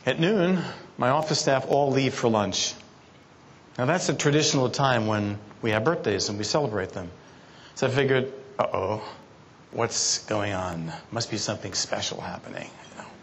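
A man's voice: mid-range voice, slight background noise. A man giving a keynote talk at a conference, telling stories from his life in a playful, teasing way. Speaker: keynote speaker. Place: conference hall.

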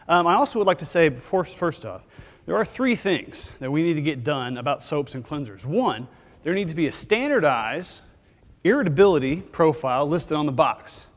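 A man's voice: a little high, moderate pace. A man from Texas, giving a joking, conversational conference lecture as a physician assistant. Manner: joking, conversational, lively delivery. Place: large conference hall. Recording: hall reverb.

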